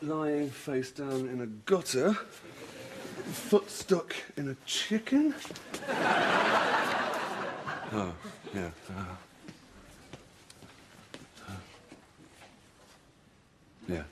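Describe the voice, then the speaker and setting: A very noisy TV sitcom recording, full of loud audience laughter, captures an actor as a goofy, rambling young-adult best man tossing out silly jokes. His medium-pitched voice swings widely in pitch, and he speaks very slowly with frequent pauses.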